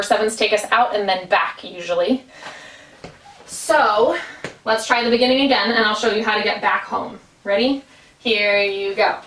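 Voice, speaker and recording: A woman's voice: fairly high pitch, fairly bright tone. A woman teaching an Irish dance lesson in her small kitchen, explaining footwork and counting steps aloud as she dances. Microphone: camera at a distance. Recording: echoey room, far from mic.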